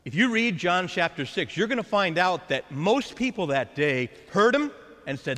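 A man preaching a sermon as a priest, animated and acting out the voices of scripture. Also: sits high, normal speed. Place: church. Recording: long church reverb.

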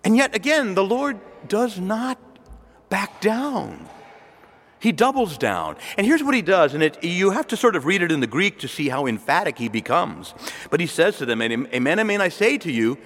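Animated male preacher in a reverberant hall. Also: high voice, normal speed. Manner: animated, conversational storytelling with quoted dialogue. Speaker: Catholic preacher. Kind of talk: sermon.

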